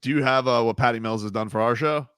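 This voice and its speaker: A man hosting sports talk radio, talking in an animated, rambling, emphatic way on a studio mic. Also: mid-range voice, fast talker, clean tone, no room sound.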